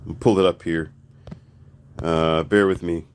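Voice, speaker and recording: A man's voice: sits low, fairly even intonation, unhurried, smooth. A man hosting a commentary channel, ranting about society in a sarcastic, emphatic way and repeating his points.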